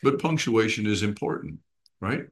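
A man with a fairly low voice leads a small Bible study group. He explains things step by step and keeps checking that his listeners are following. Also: animated, moderate pace.

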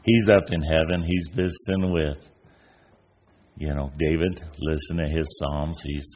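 A man's voice: rumbling low, fairly even intonation, unhurried, a little mellow. An older man giving an informal, folksy sermon, telling stories and acting out the voices of people in them. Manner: folksy storyteller, acts out imagined voices. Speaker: preacher.

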